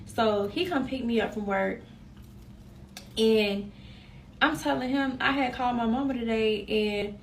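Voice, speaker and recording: A young woman tells a personal story straight to her viewers, animated and direct. Her voice sits a little high. She sounds set back from the microphone, with a faint hum of room noise around her. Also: measured pace, pauses often, distant mic. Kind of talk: casual storytime.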